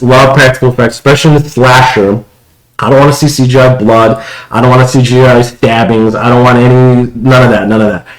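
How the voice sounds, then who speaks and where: A man co-hosting a podcast, chatting casually and enthusiastically, rambling with restarts. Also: mid-range voice. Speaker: podcast co-host. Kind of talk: casual chat. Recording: echoey room.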